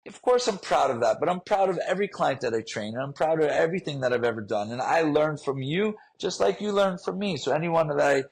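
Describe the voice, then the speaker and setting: Husky, earnest man telling his story. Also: on the high side, expressive, fairly quick, hardly any pauses, poor audio. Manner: earnest, emotional, repeats himself. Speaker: guest, fitness trainer. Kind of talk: personal story in a podcast interview.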